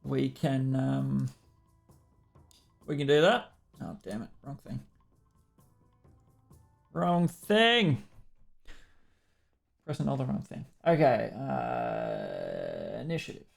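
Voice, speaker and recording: An Australian man serves as dungeon master for a tabletop game, taking his time and fumbling with the software between rulings. His medium-pitched voice is sing-song with vocal fry, and faint music plays behind him.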